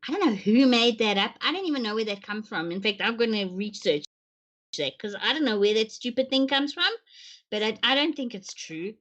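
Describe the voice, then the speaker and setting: Bright, chatty woman host. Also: fairly high pitch, lively intonation, fairly quick, lo-fi sound. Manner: chatty, interjecting, opinionated. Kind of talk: casual interview chat.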